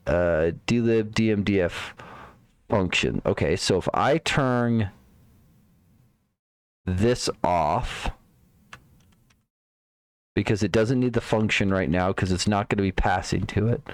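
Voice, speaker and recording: A man's voice: lowish voice, unhurried, long pauses, dry recording. A man streaming live, thinking aloud while debugging code, muttering to himself, trailing off and repeating words.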